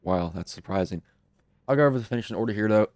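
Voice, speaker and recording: A man's voice: fairly low pitch, quick pace, darkish tone, no echo. A young man hosting a racing stream while sick, his voice nasal and congested, talking in a casual, rambling way. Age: young adult. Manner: casual, rambling wrap-up talk. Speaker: broadcast host. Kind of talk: casual live-stream commentary.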